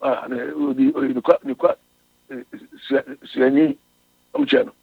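A man's voice: medium pitch, little pitch movement, vocal fry, husky, dry recording. A man preaching a sermon. He reads scripture in English, explains it in Twi, and restarts often. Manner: halting, with frequent restarts. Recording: tinny radio broadcast.

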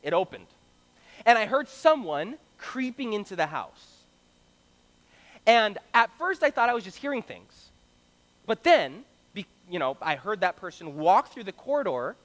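Young guy from brazil preaching, high voice, animated storytelling, big echoey hall. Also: a little slow. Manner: animated, acts out quoted voices. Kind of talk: sermon storytelling. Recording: long hall reverb.

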